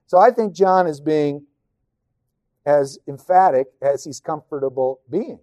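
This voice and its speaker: A man gives a Bible teaching in a measured, emphatic voice, repeating key phrases to drive a point home. His tone is mellow and relaxed. The recording is dry and close, with no room sound. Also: fairly high pitch, dry recording.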